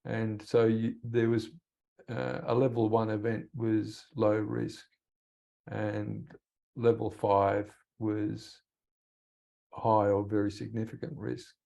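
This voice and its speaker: Slow, gravelly male podcast host. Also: on the low side, little pitch movement, warm tone. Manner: measured, hesitant with fillers. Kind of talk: interview host wrap-up.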